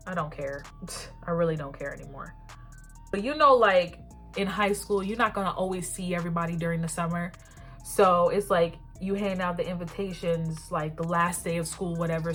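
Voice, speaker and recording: A woman in her twenties telling a casual storytime as a beauty vlogger, chatty and slangy, with lots of "like". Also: on the low side. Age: 20s. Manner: chatty, peppered with "like", slangy and animated.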